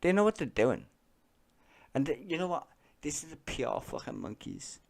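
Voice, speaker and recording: A man's voice: a little high, big pitch swings, moderate pace, gravelly, slight background noise. A young man ranting bluntly about politics while reacting to clips, sweary and sarcastic. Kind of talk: casual profane rant.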